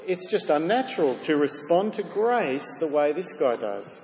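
A man's voice: on the high side, big pitch swings, moderate pace, a little mellow, soft background music. A man preaching a sermon, speaking earnestly and directly to his listeners with rhetorical questions. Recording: reverberant hall, faint ambience.

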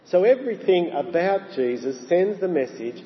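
A man preaching a sermon, emphatic, rising on key phrases and slowing down for weight. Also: high-pitched, very animated. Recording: dull sound with long hall reverb.

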